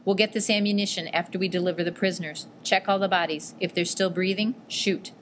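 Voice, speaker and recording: A woman's voice: fairly low pitch, fairly even intonation, fairly quick, slight background noise, natural voice. Woman reading as a curt army commander. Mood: commanding. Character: stern male military commander barking orders.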